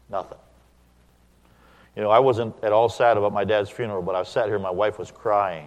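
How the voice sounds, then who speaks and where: A middle-aged pastor delivers a sermon, becoming animated when acting out quoted dialogue and going quiet when he reflects. His pitch is fairly low, and a long reverb tail follows his voice.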